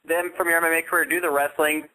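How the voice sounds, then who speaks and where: A male interviewer with a very bright, forward voice, slightly high. He affirms the guest's story, then asks his question in loose, restarting phrases. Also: little pitch movement, fast, low-quality recording.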